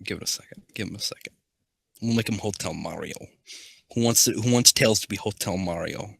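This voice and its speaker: A man's voice: fairly low pitch, brisk, vocal fry, fairly bright tone, breathy edge, no echo. A man doing a casual comedic reading, mumbling asides and joking with a co-host. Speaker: comedy reader.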